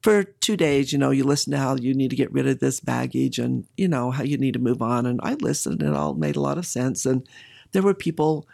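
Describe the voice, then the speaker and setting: A woman's voice: a bass voice, very animated, fairly quick, vocal fry, dark tone. A middle-aged woman candidly telling a personal story in an interview, with emotion and occasional laughter.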